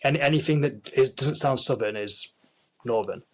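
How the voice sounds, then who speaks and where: A man's voice: mid-range voice, normal speed, low-quality recording. A young man from Yorkshire with a Yorkshire accent, a guest actor in a casual interview, talking at length with many restarts and fillers. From Yorkshire, England. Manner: rambling, frequent restarts and fillers.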